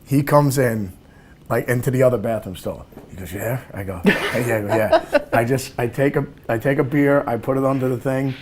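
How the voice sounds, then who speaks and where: A man telling a story in a lively, laughing way in an interview. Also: medium pitch, a little fast, slight background noise.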